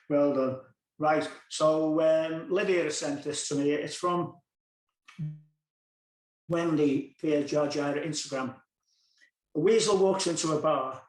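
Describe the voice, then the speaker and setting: Man emcee, higher-pitched voice, casual joke-telling patter, echoey recording. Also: slow, long pauses. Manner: chatty, chuckles at his own jokes. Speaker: concert host. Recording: roomy, echoey sound.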